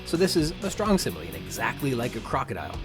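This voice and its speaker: A man's voice: mid-range voice, wildly swooping pitch, fast talker, music in the background. A man hosting a podcast, reading passages from a novel aloud and commenting on its writing. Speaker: podcast host. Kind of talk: literary analysis of a novel.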